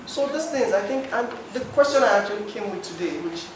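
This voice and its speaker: A man's voice: sits high, expressive, fairly quick. Guy giving a heated comment at a forum, far from the mic, big echoey hall, noisy. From Nigeria. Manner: emotional, pleading. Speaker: forum participant. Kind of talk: impassioned public comment. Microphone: handheld mic.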